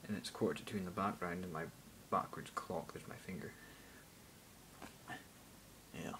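Teen boy, deep voice, random jokey vlog chatter, phone camera, faint rumble. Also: fairly even intonation, moderate pace, fairly bright tone, rough recording. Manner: random, jokey, self-mocking, mutters asides. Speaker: vlogger. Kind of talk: rambling casual vlog.

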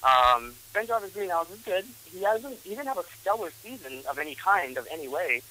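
A man's voice: high-pitched, very animated, brisk, bright, forceful tone, slight background noise, rough recording. A man giving sports analysis, hesitant, with many ums and restarts.

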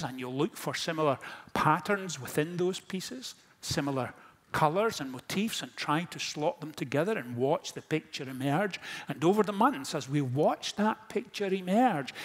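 A fairly high-voiced man preaching a storytelling sermon. He drops to near-quiet lines, then rises to stirring, impassioned questions. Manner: storytelling, swings from hushed to impassioned. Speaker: pastor.

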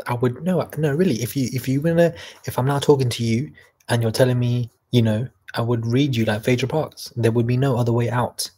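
A man's voice: medium pitch, steady tone, fairly quick, warm tone, slightly rough. A young man from Canada hosting a casual livestream, reading chat messages aloud and mocking people in a chatty way.

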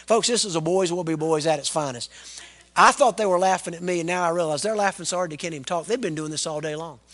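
A high-voiced pastor in his forties, telling stories from the pulpit with lively, folksy animation. His sermon delivery has a warmth of dialect and a conversational build. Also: quick pace. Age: 40s. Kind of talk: storytelling sermon.

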